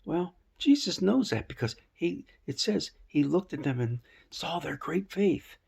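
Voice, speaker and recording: A man teaching a casual Bible lesson outdoors, telling the story in a folksy, animated way with rhetorical questions. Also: on the high side, measured pace, creaky, husky. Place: rooftop outdoors.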